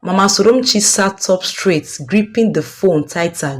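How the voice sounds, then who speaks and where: Slow, low-voiced woman storyteller. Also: soft background music. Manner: dramatic, deliberate storytelling. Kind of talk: scripted narration of a folk tale.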